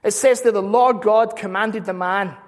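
A man's voice: high voice, moderate pace. A man preaching a sermon, earnest, repeating phrases for emphasis. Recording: long hall reverb.

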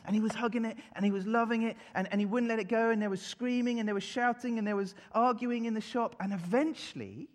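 A man giving an animated children's sermon, leading the congregation in call-and-response. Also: high-pitched, fast talker, hardly any pauses. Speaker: preacher. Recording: long hall reverb.

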